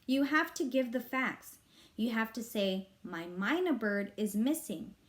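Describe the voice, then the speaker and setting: A woman's voice: fairly high pitch, lively intonation, a little slow. A woman doing an impatient schoolboy. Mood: bossy. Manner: bossy, impatient. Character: boy of about twelve, exasperated big brother.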